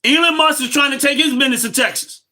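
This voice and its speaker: Man, very high voice, bright and forceful, loud repetitive livestream rant. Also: fast. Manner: loud, emphatic and repetitive, laughs between points. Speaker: livestream host.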